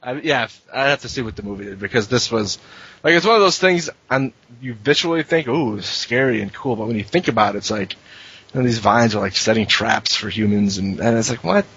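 A man's voice: fairly low pitch, a little fast, a bit bright, husky. A man hosting a casual panel chat, rambling and correcting himself as he talks. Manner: rambling, self-correcting, laughs often. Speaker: podcast host. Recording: dull lo-fi audio.

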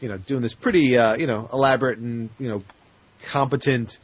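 A man's voice: mid-range voice, steady tone, brisk, husky, no echo, highs cut off. A man in casual podcast chat, talking hesitantly with many fillers.

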